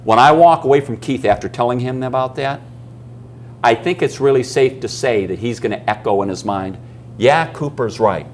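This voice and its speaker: A man's voice: medium pitch, fairly quick, a little hiss or hum. Emphatic man coaching a seminar audience. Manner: emphatic, asks the audience questions and acts out stories. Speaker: business coaching speaker. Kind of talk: live seminar talk to an audience.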